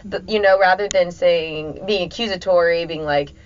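A woman explaining healthy eating habits in a relaxed conversation, easygoing and full of everyday examples. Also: on the low side, moderate pace, a little hiss or hum. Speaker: guest nutrition expert. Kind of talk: casual podcast conversation. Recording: dull lo-fi audio.

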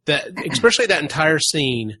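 A man's voice: on the high side, very animated, normal speed, bright, forceful tone, no echo. A man hosting a casual podcast chat, rambling with restarts and swearing now and then. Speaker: podcast host.

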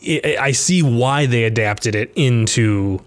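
Guy rambling on a movie podcast, mid pitch, keeps restarting sentences, laughs a lot. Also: takes it slowly. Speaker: podcast co-host. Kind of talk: casual movie discussion.

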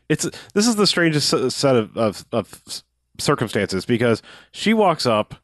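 A man in a casual chat, recapping a movie plot with lots of fillers and quick acted-out quotes. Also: mid-range voice, big pitch swings, no echo, studio quality. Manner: rambling, filler-heavy, acts out quotes. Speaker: podcast co-host.

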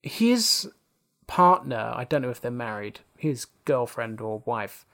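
A man, a podcast guest telling a casual anecdote, acting out his own quotes with big leaps in pitch and swearing freely. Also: very animated, slow pace, fairly bright tone.

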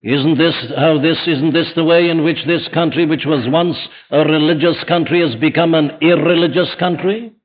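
A man's voice: fairly high pitch, fairly even intonation, moderate pace, few pauses. A man preaching an evening sermon to a congregation, emphatic and full of rhetorical questions. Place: church before a congregation. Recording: dull lo-fi archive sermon recording.

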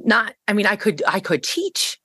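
A woman guest on an interview podcast, telling a personal story in a casual, animated way, jumping into a higher pitch when she quotes people. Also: moderate pace, slightly rough, no room sound, studio quality. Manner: frequent fillers and restarts.

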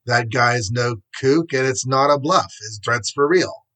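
A man reading aloud voices a young male archer hero who talks in flippant slang, in a husky voice. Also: medium pitch, a little slow, fairly bright tone, low-quality recording.

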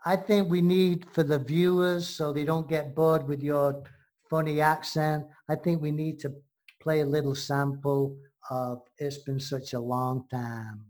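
A brash American host who jokes, heckles and argues playfully. The voice sits at a middle pitch. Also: level tone, measured pace, a little mellow. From United States. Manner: brash, joking, mock-heckling. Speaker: show host. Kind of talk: bantering radio-style chat.

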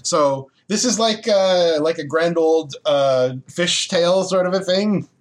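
A man's voice: on the high side, measured pace. Chatty man telling a game story. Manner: animated storytelling with laughs and fillers. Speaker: podcast co-host. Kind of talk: casual chat about video games.

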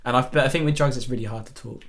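A young man, chatting on a podcast in a halting way, with lots of fillers and laughs. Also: mid-range voice, fairly bright tone. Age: young adult. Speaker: podcast co-host. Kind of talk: casual chat.

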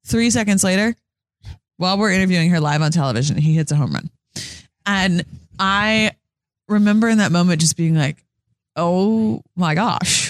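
A woman's voice: fairly low pitch, no room sound, clean studio sound. A young woman, a sports TV reporter, telling stories in an earnest, chatty way, full of "like" fillers and acted-out quotes. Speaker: sports TV reporter, interview guest. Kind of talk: casual interview storytelling.

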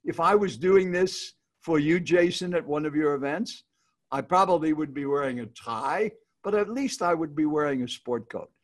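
A man's voice: fairly high pitch, moderate pace. A man giving casual, upbeat speaking advice on a video call, repeating his key points as he teaches. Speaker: speaking coach guest.

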